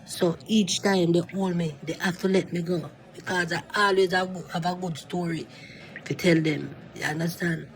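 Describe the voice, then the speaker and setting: In a rough recording, a man with a high voice speaks at a moderate pace and fairly even intonation, doing cartoon voice acting. He plays a reformed former thief serving life in prison, a longtime inmate and calm advisor who offers earnest advice in broken creole English.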